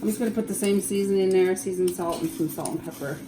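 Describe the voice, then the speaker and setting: A woman's voice: medium pitch, quick pace. Woman, casual cooking vlogger, laughs easily, kitchen noise behind her. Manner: chatty, laughing storyteller. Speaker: home cook filming herself. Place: home kitchen. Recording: noisy kitchen recording.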